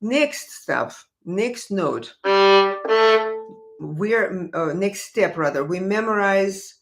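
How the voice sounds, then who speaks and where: A woman's voice: mid-range voice, lively intonation, takes it slowly, faint music behind. A woman teaching violin on a live stream, answering viewers' questions in a chatty, encouraging way full of fillers and restarts. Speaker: violin professor.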